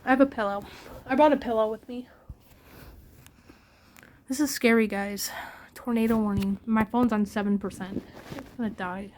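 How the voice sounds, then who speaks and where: A woman's voice: on the high side, fairly even intonation, moderate pace, long pauses, a little mellow, a little hiss or hum. A scared woman vlogging from a home basement during a storm, anxiously asking the same questions over and over. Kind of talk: live vlog during a storm.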